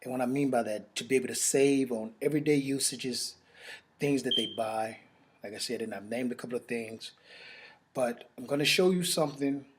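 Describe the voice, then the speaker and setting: A man giving an emotional, halting testimonial and sales pitch, repeating his phrases and pausing to sigh, as if recorded on a home camera. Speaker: network marketing presenter.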